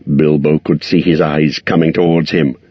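A man narrating a storybook in a measured, expressive reading. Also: very deep voice, slightly rough, no echo, lo-fi sound. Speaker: audiobook narrator.

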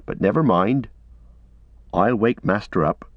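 A man's voice: lowish voice, lively intonation, measured pace, no echo. A man voicing a loyal, plain-spoken young servant hobbit with a homely, earnest manner, in a dull lo-fi recording. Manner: homely, earnest, a bit gruff.

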